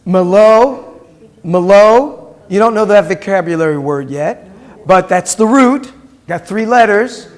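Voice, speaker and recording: A man's voice: sits high, lively intonation, unhurried. A middle-aged man, a rabbi, teaching a Hebrew class and patiently repeating words aloud as he quizzes his students. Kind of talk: classroom lecture with questions to students.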